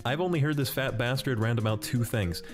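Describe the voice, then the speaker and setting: A man narrates a scripted video essay in a blunt, sarcastic tone, swearing freely. His voice sits at a middle pitch. Background music plays clearly under his voice-over. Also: fairly quick.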